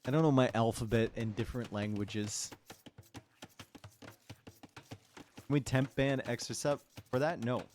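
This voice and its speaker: A man's voice: medium pitch, takes it slowly, pauses often, a little mellow, a little hiss or hum. A man casting a live strategy-game match, laid-back and chatty, teasing his live chat between plays. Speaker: tournament caster. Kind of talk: live esports commentary mixed with chat banter.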